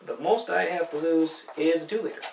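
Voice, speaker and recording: A man demonstrating how he builds a costume, talking casually and haltingly, breaking off mid-sentence as he works with his hands. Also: on the high side, creaky. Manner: halting, thinks aloud while working with hands. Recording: roomy, distant, loud background noise.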